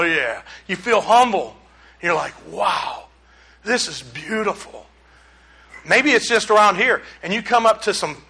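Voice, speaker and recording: A man's voice: sits high, bright, forceful tone. A man preaching a casual sermon, rambling and conversational with folksy asides to the congregation. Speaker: pastor.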